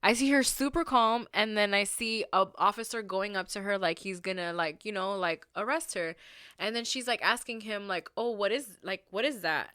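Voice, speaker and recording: A woman hosts a podcast, telling a story casually and ramblingly with plenty of fillers, and flares into heated indignation when riled. Her mid-range voice is bright, smooth, and forceful at a moderate pace. The recording is dry and studio quality.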